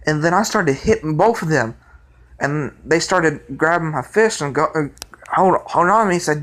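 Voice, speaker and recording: A young man telling a story from his life in a rambling, excitable way, with many restarts. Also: on the high side, fairly quick. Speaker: vlogger. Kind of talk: casual storytelling.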